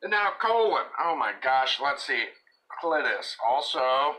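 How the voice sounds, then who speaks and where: A man hosting a casual live-stream chat, joking crudely and laughing loudly. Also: fairly high pitch, big pitch swings, measured pace. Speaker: live show host.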